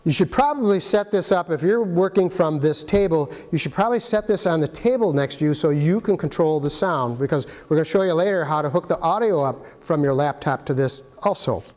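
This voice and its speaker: A man with a fairly high voice walks through setting up sound gear in a casual, practical way. He talks straight to the viewer with homespun asides. The room around him rings with a long reverb. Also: animated, fairly quick, few pauses, darkish tone. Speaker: arts facility equipment guide. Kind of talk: casual instructional walkthrough.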